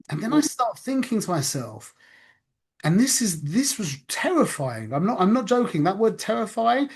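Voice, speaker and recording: Earnest man, somewhat high voice. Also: husky. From North London, England. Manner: earnest, repeats phrases, checks in with "yeah?". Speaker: spiritual teacher. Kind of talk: conversational spiritual talk. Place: his office.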